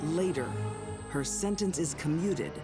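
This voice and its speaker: A woman narrating a true-crime documentary in a measured, ominous way. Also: deep voice, animated. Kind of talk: scripted dramatic narration. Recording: loud music bed under the voice.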